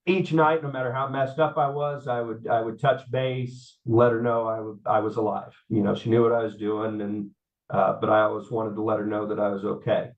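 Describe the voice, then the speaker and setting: A man, telling his life story in an interview, halting with many fillers and repeats. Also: lowish voice, little pitch movement. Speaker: guest. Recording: slightly dull audio.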